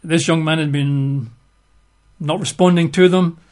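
Middle-aged preacher, conversational Bible teaching, a bit higher voice, lots of 'sort of' and 'um'. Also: male voice, fairly even intonation, a little slow, a little mellow. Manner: chatty and hesitant, many fillers and 'sort of'.

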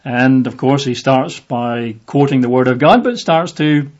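A man teaching from the Bible in a relaxed, conversational way, with lots of fillers, sometimes acting out the voices in the passage. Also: mid-range voice, measured pace. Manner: conversational, with many fillers, acts out voices in the reading. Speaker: preacher. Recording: dull lo-fi audio.

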